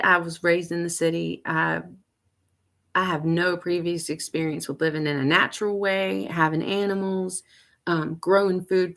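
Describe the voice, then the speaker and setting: A woman, hosting a casual livestream, chatting and reading viewer comments with frequent laughs and animated teasing. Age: 50s. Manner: chatty and animated, laughs often, big swings up in pitch when teasing viewers. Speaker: homesteading livestream host.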